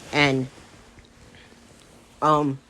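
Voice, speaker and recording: A man's voice: on the high side, completely flat delivery, extremely slow, pushed and bright, slight background noise. A man casually improvising a fan-fiction story aloud, hesitant with many fillers and restarts.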